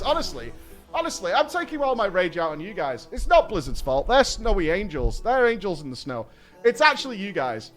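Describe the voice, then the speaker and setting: A man rants on a casual stream, swearing freely and mocking himself with sardonic humor. His voice sits high and swings wildly up and down. Faint music plays underneath. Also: a bit bright. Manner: profane, ranting, sardonic, laughing at himself.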